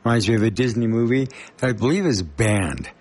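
A man's voice: on the low side, lively intonation, fairly quick, a little mellow. A middle-aged man from Colorado, hosting a small community radio show and chatting casually between songs, rambling with plenty of fillers. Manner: rambling, chatty, many fillers and asides to listeners. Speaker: radio host.

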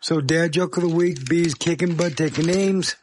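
Hoarse, coughing male radio host. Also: fairly high pitch, normal speed, darkish tone. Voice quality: scratchy voice. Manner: chatty, self-deprecating, apologetic. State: hoarse, fighting a chest cold, coughing. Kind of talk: casual radio DJ chatter.

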